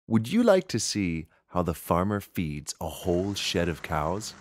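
Deep, slow kids' narrator. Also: male voice, animated. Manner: slow, sing-song, pointing things out to kids. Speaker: children's show narrator. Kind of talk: scripted narration for children.

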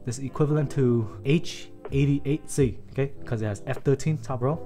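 A man giving casual, joking livestream commentary as he builds a keyboard, excitable and swearing often while talking to his viewers. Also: mid-range voice, moderate pace, faint music behind. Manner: excitable, profane, joking, talks to chat.

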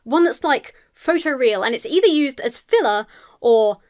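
A woman's voice: high voice, lively intonation, normal speed, a little mellow. A woman giving a scripted film review, sarcastic and exasperated, swearing freely.

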